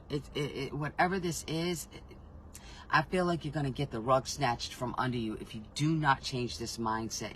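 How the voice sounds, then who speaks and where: A man's voice: mid-range voice, pushed and bright, slight background noise, poor audio. A man with an ordinary mid-range voice gives a casual spiritual reading in a loose, rambling way. He reacts openly with his feelings, restarts his sentences often, and swears without hesitating. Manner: rambling, self-interrupting, swears freely; frank, emotionally reactive. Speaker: intuitive reader.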